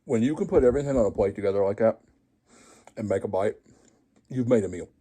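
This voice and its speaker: Folksy husky-voiced man. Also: fairly low pitch, quick pace, dark tone. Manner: folksy, self-deprecating, joking asides to viewers. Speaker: home cooking show host. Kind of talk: casual cooking vlog, tasting and chatting.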